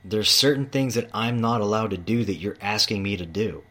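A man with a fairly low voice rants about work. He swears constantly and circles back over the same words. He sounds heated and worked up. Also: steady tone, normal speed, a bit bright. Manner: profane, heated, repetitive. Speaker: manual tradesman. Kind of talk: ranting monologue.

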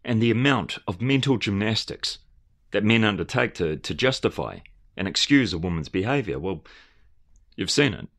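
A man's voice: fairly low pitch, very animated, normal speed, creaky, fairly bright tone. A man giving a rambling, earnest and emphatic commentary, often restarting his phrases. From Australia.

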